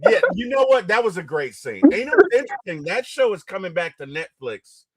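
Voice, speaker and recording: Man, middle-aged, interview host, casual chat, lively voice, slightly high pitch, excitable. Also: a little fast, crowd noise. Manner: animated, gets loud and excited retelling film scenes.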